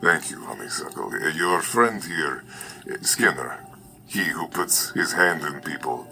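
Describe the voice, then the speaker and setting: A man playing a deep, earnest noble warrior. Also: expressive, vocal fry, sharp tone, soft background music, heavily acted. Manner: formal, measured.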